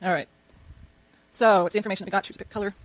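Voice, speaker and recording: A woman lecturing a university economics class, rushing through clicker questions and talking to herself as she works her slides. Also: mid-range voice, fairly even intonation, dry recording. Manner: rapid, chatty, self-talk while working slides. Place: lecture hall.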